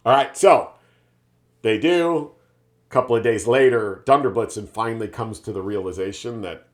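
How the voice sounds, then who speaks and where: A man's voice: lowish voice, normal speed. A man, a sales leadership speaker, telling a business parable in a casual storytelling style, often adding tag questions. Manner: chatty, frequent tag questions.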